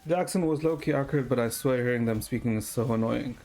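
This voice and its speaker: A chatty male streamer talks casually through a gaming session in a mid-pitched voice, answering his chat as he plays. Quiet music runs underneath him. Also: fast talker. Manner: chatty, reacts to chat while playing.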